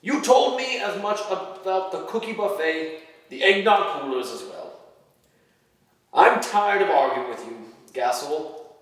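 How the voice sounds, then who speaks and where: A man's voice: on the high side, lively intonation, measured pace, fairly bright tone, voice pushed up. A man reading a story aloud, voicing a stern, bossy Santa who bellows orders. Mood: commanding. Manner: bellowing, commanding. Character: stern bossy old male Santa boss. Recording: echoey hall from far off.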